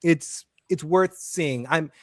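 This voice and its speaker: A man co-hosting a casual TV recap, excitable, laughing often and acting out characters' lines. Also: on the high side, takes it slowly, no echo, clean studio sound. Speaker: podcast co-host.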